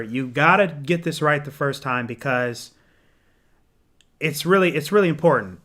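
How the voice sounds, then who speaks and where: A young man casually answering viewer comments on a live stream, rambling with ums and restarts, clearing his throat and losing his voice. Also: fairly high pitch, bright, forceful tone. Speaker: menswear YouTuber hosting a live Q&A.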